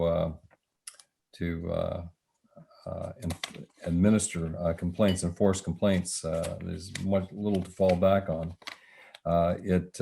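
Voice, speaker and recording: A man with a Canadian accent chairing a council meeting as mayor, speaking haltingly with many filler pauses and a voice he is losing. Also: deep voice, gravelly, dark tone. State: losing his voice.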